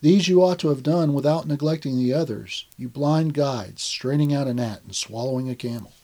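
A man reading Bible verses aloud in a measured, steady way during a discussion. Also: medium pitch, slight background noise. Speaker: Bible study co-host, scripture reader.

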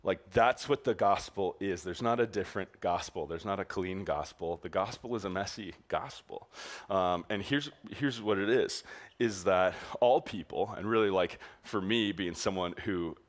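A young man telling a story in a sermon to a youth group, animated and chatty, full of "like" and "um", laughing as he goes. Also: deep voice, moderate pace. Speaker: youth pastor.

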